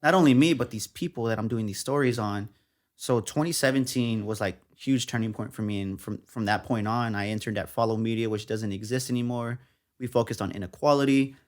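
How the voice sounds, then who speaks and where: A man's voice: medium pitch, brisk. A young man from Texas, a journalist guest, telling his story in a casual interview and acting out what people said to him. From San Antonio, Texas. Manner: animated, acts out quotes of others.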